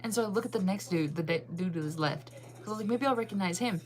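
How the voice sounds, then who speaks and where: A young woman telling a story in a casual, animated way, acting out her own reactions in a higher voice and laughing often. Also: quick pace. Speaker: channel host.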